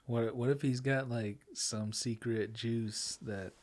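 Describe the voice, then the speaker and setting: A man co-hosting a podcast, talking in a hesitant, halting way with fillers. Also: medium pitch, fairly even intonation, a little mellow. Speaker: podcast co-host. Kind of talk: casual chat.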